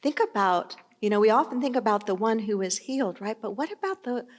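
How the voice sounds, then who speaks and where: A woman's voice: fairly high pitch, lively intonation, a little fast. A middle-aged woman pastor giving a sermon in a conversational, storytelling manner.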